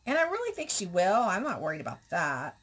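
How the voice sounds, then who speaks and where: A woman talking in a casual personal vlog, nervous and candid, halting with restarts and pauses, sometimes dropping into a soft whisper. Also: mid-range voice, huge pitch swings, slightly rough. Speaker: vlogger.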